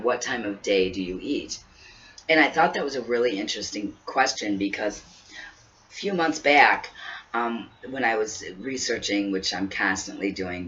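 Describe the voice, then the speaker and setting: Bright-voiced woman in her fifties, distant and lo-fi. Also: extremely low pitch. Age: 50s. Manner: chatty and earnest, repeats herself, quick laughs. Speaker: weight-loss vlogger. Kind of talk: casual talk to camera. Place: indoors, seated at home. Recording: distant mic, dull lo-fi sound, faint hiss.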